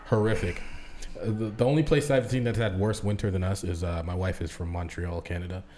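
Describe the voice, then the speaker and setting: A man talking in a casual podcast chat, relaxed and rambling, with hesitant restarts. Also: low-pitched, a little fast. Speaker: podcast guest or co-host.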